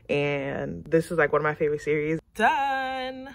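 Gushing, excitable young woman vlogger. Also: sits low, normal speed, gravelly. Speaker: book vlogger. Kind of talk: casual vlog chat.

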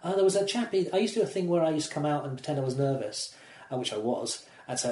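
A stand-up comedian rattles through his anecdotes at a brisk clip, slipping into other people's voices as he goes. His voice sits a little high for a man, and the room around him adds a noticeable echo. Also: dark tone. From England. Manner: rambling storyteller, acts out voices in quotes. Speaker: comedian guest. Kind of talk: casual podcast chat, anecdotes. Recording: roomy echo.

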